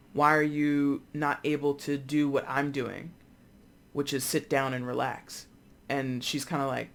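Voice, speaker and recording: A tarot reader giving a casual, rambling reading with many asides. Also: mid-range voice. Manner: chatty, rambling, animated with frequent asides.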